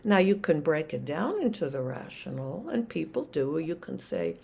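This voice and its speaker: An older woman gives a dharma talk as a Zen teacher, her voice low and gravelly. She speaks reflectively, stopping, restarting and searching for her words. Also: big pitch swings, moderate pace, a little mellow.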